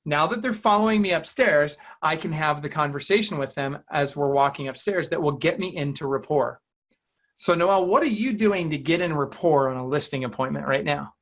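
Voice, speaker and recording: A man's voice: a little high, fairly quick, fairly bright tone. A man coaching real estate agents in an interview, talking emphatically and acting out client dialogue.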